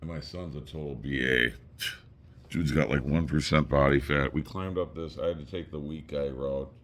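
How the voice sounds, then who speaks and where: A middle-aged vlogger with a very deep voice rambles casually through family photos at a moderate pace. He's a crude, joking, profane storyteller.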